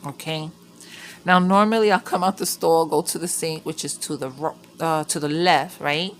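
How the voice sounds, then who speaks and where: A woman with a lowish voice chats casually at her craft table, rambling through a story and cursing freely. A faint hiss of background noise sits under the recording. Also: fairly even intonation, moderate pace. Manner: rambling, swearing, laughing storyteller. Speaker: crafting vlogger. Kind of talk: casual chat while crafting.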